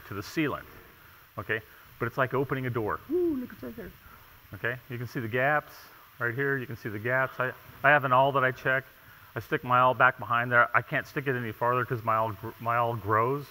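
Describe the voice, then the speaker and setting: A man's voice: medium pitch, fairly even intonation, brisk, sharp tone. A man giving a conference presentation on tile installation, talking emphatically with rhetorical questions and frequent checks of "okay?". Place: large conference hall. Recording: long hall reverb.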